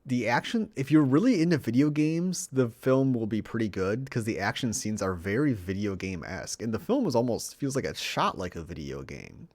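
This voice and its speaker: A man's voice: medium pitch, very animated, moderate pace, few pauses, a little mellow, no room sound. A man giving a rambling, profane, sarcastic film review, now and then mocking the characters in put-on voices. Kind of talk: casual profane movie review.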